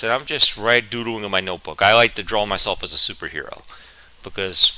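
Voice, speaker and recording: A young man from New Jersey telling a storytime vlog, with a halting, stammering, self-deprecating manner. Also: lowish voice, pushed and bright, clean tone, rough recording. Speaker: vlogger.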